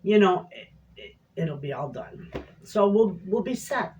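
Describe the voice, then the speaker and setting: A woman's voice: lowish voice, very animated, a little slow, a little mellow, muffled recording, a little hiss or hum. A middle-aged woman chatting casually to viewers in her home kitchen, a rambling, folksy storyteller. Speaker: homestead cooking vlogger.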